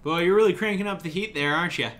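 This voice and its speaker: A man's voice: sits high, very fast, fairly bright tone. Man casually running a tabletop game. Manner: casual, hesitant with frequent ums. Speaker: game master.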